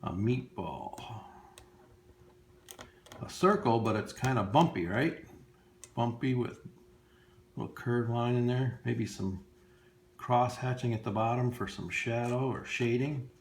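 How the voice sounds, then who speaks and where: Slow-talking playful cartoonist man. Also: medium pitch, a little hiss or hum. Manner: playful, talks straight to children, chuckles often. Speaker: cartoonist teaching drawing. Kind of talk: step-by-step drawing lesson for kids.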